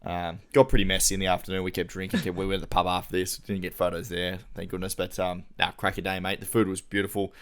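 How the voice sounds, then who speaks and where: A man's voice: sits low, fairly even intonation, quick pace, hardly any pauses. An Australian man co-hosting a podcast, chatting casually in laid-back, slangy banter over a remote call. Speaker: podcast co-host. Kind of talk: casual chat.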